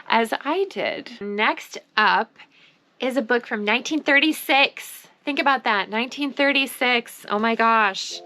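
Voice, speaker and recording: Slow, bright-voiced enthusiastic woman vlogger. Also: fairly high pitch. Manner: enthusiastic, exclaiming. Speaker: vlog host reselling thrift finds. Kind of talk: casual vlog chat.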